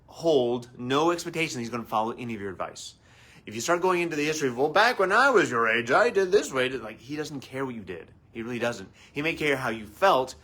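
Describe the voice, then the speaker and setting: A man hosting a live advice talk as a family therapist, animated and acting out quoted voices. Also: medium pitch.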